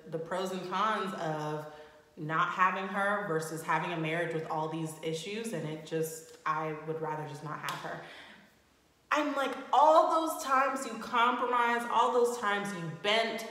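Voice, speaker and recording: A young woman recapping a reality show at home in a chatty way, breaking into loud shocked indignation. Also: on the low side, a little slow. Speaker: recap host. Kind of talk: casual recap commentary. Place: home room. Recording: roomy echo with long reverb.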